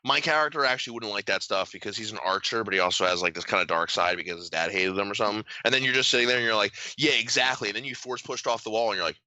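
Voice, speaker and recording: A young man co-hosting a podcast in casual banter, rambling and animated, swearing often and laughing a lot. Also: on the low side, very fast, hardly any pauses, dry recording, rough recording. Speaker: podcast co-host.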